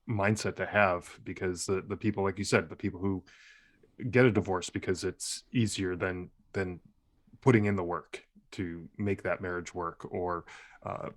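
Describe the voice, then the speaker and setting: A man hosting a podcast, speaking thoughtfully in a halting way and often repeating words as he works out his point. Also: low voice. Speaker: podcast host. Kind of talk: casual conversation.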